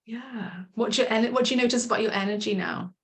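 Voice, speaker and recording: A woman coach leading a group session over a video call, guiding a relaxation exercise in a gentle, encouraging, chatty way. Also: on the high side, quick pace. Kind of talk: guided relaxation instruction.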